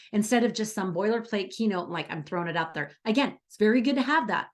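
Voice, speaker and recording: An enthusiastic middle-aged woman teaches a coaching lesson for speakers. She talks in a bubbly, chatty way and tells lively stories. Her voice sits at a middle pitch.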